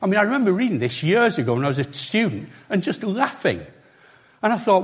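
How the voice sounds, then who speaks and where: Husky-voiced man preaching a lively sermon. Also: high voice, a little fast. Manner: conversational, emphatic with asides.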